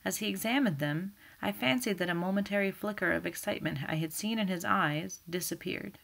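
Gravelly-voiced woman reading and explaining. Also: on the low side, moderate pace. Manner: relaxed, explanatory, with fillers. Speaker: reader and teacher. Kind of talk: reading a novel aloud, then explaining it.

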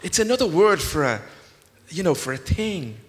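A man's voice: big pitch swings, moderate pace. A man reading aloud, voicing a nervous, candid fourteen-year-old boy at confession. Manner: hesitant, candid, pitch jumping upward. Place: large concert hall. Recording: long concert hall reverb.

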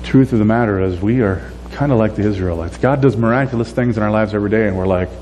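A man's voice: on the low side, quick pace, long reverb tail, slight background noise. A man giving a conversational sermon as a pastor, acting out the voices of the people in his story. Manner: conversational, animated, acts out voices of complainers.

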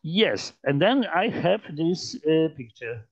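A man with a Polish accent gives an informal mathematics lecture in a fairly high voice. He talks haltingly, with many fillers, restarts and repeated phrases. The recording sounds dull and lo-fi. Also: big pitch swings, breathy edge. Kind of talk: informal lecture demonstrating on a computer.

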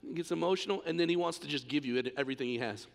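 A man's voice: fairly high pitch, very fast, gravelly. A man preaching a sermon as pastor in a church sanctuary, in an impassioned, emphatic way. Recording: long church reverb.

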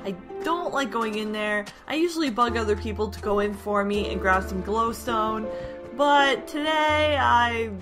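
A young woman giving live commentary on her gameplay, jumpy and exclaiming often as she talks to her viewers, over loud game music. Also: a little high, lively intonation, measured pace. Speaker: gaming YouTuber.

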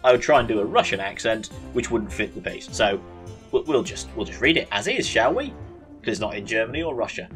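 A man's voice: medium pitch, sing-song, brisk, fairly bright tone, faint music behind. A man hosting a casual let's play, rambling and self-deprecating as he reads game text aloud. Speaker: gaming channel host.

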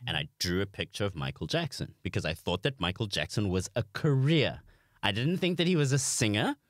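A man's voice: on the low side, fairly quick, dry recording, clean studio sound. A young South African man with a South African accent, telling self-mocking stories as a comedy podcast guest. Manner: animated, self-mocking storyteller. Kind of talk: podcast storytelling.

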